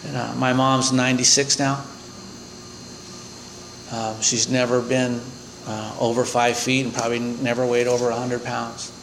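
A man in his sixties sharing a humorous personal story at a recovery meeting, animated and chuckling as he acts out his own reactions. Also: medium pitch, normal speed, gravelly, slight background noise, low-quality recording.

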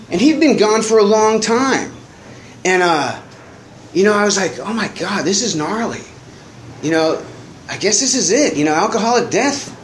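A man telling a long personal story in a casual, rambling way, full of fillers and laughs. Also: high voice. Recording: roomy echo, faint noise.

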